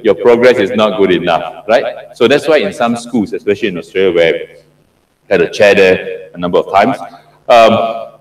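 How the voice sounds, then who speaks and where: A middle-aged Singaporean professor with a fairly low voice gives an interactive classroom lecture on PhD supervision, often questioning the audience and repeating himself for emphasis. He sounds far from the mic, and the lecture hall adds a roomy echo.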